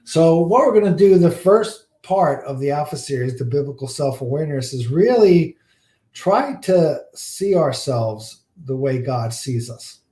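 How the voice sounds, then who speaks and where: A man's voice: a little high, expressive, a little slow, warm tone. Man, pastor teaching a class, folksy storyteller, frequent fillers, roomy echo. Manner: folksy storyteller, repeats words, many fillers.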